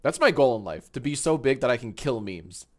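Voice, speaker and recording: A man's voice: medium pitch, lively intonation, brisk. Give me a tipsy man in his thirties, rambling and cursing through a casual live stream. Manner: rambling, profane, joking. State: tipsy from wine. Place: home studio with green screen.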